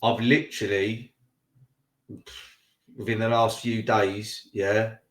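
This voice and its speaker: A man's voice: on the low side, little pitch movement, slow. A man in his thirties hosting an interview, talking in a heated, rambling way and repeating words as he goes. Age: 30s. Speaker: interview host. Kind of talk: casual interview chat. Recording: echoey room.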